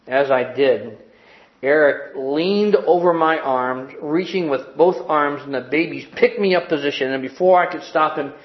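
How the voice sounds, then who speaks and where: A man preaching who reads a story aloud to his congregation in an earnest way, easing down softly at the tender parts. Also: a little high. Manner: earnest, slowing and softening at tender moments. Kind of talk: reading a story aloud in a sermon. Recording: roomy, dull sound.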